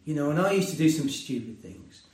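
A man preaching a sermon and sharing a personal testimony, earnest and conversational, rising to loud emphasis and dropping to hushed tones. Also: fairly high pitch, expressive, a little fast. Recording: roomy, distant mic.

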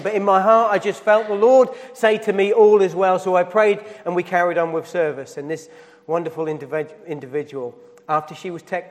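A man's voice: high voice, in a large hall. A man preaching a sermon as pastor, putting questions to the congregation and building emphasis as he goes. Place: church hall.

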